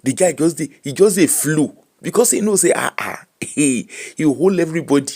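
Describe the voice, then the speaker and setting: A middle-aged man with a Nigerian Pidgin English accent, hosting a casual live-stream chat, animated and laughing as he mixes Pidgin and English. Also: fairly high pitch, moderate pace, breathy edge. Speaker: host.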